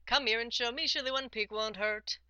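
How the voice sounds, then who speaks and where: A woman's voice: a little high, brisk, pushed and bright, no room sound, muffled recording. A woman voicing an eager, pleading young lad in a bawdy folk ballad, coaxing and wheedling.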